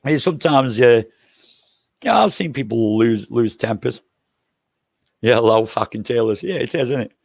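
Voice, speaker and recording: An older man talks in a gravelly, mid-pitched voice, spinning loose, jokey travel stories peppered with swearing. The sound is dry and close, with no room behind him. He rambles casually, circling back on his own points. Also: lively intonation, normal speed, long pauses, a little mellow, no echo. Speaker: livestream host.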